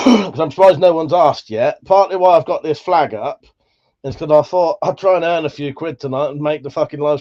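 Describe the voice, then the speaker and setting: Man, Buckinghamshire accent, stream host, casual and sweary, laughs a lot, somewhat worn voice, slightly muffled sound. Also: on the high side. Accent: Buckinghamshire English. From England. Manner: relaxed, sweary, laughs often. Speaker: livestream host reading chat. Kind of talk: casual chat.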